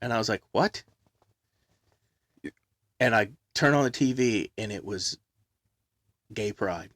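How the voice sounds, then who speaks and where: A man telling a long story in casual chat, loud and animated, belting out quoted songs. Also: fairly low pitch, normal speed, no room sound.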